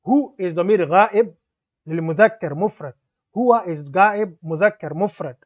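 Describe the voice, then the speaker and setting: High-voiced man teaching grammar. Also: racing. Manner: reads Arabic text aloud, then explains it in English. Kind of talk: explanatory grammar lesson. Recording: dull lo-fi sound.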